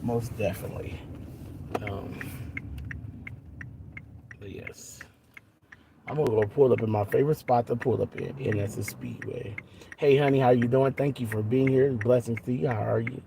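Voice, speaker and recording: A cheerful man hosts a casual live stream from behind the wheel. He greets viewers warmly and keeps an upbeat, chatty tone. Steady car and road noise sits clearly under his mid-pitched voice. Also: normal speed, long pauses. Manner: upbeat, greets viewers by name, folksy "y'all". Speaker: vlogger. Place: in a moving car.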